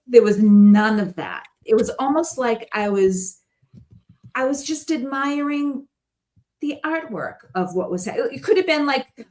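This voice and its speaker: A woman guest telling stories in a casual chat, rambling and animated and laughing often. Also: high voice.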